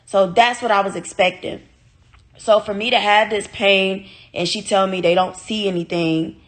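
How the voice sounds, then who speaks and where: Woman, vlogger, blunt and animated, swears freely, upset, near tears, mid-range voice. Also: medium pitch, moderate pace. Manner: animated and blunt, swears freely, talks straight to her viewers. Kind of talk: emotional personal storytelling to viewers.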